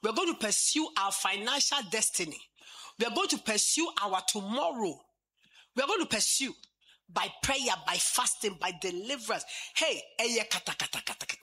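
A man's voice: high voice, sing-song, moderate pace. A man preaching fervently and leading a church in prayer, chanting and speaking in tongues. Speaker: pastor. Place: church service. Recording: loud music behind the voice.

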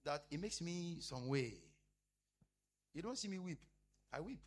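A man preaching a sermon as a pastor, repeating phrases emphatically and swinging between loud declarations and hushed asides. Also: on the high side, animated, measured pace.

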